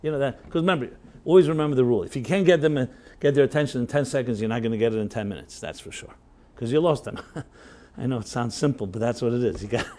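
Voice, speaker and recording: A rabbi tells a story to a workshop audience in a mid-range, slightly mellow voice. His delivery is loose and conversational, packed with fillers, chuckles and tag questions as he spins the anecdote.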